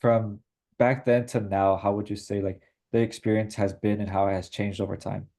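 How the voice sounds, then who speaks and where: A young adult man interviewing for an oral history project, asking questions and agreeing in a relaxed way. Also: lowish voice, moderate pace.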